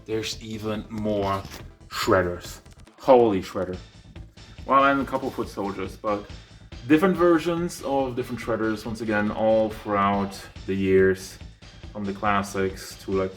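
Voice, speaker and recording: Out of breath from moving about with a handheld camera, a man shows off his toy collection on the figure shelves inside his home, rambling and poking fun at himself in a casual tour. His voice is on the low side at a measured pace, with faint music in the background.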